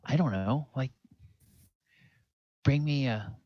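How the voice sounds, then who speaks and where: A man voicing an excitable young village boy in a tabletop game, talking quickly and pleadingly. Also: mid-range voice, highs cut off, background noise, pitched above the performer's own voice, lightly acted. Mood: eager.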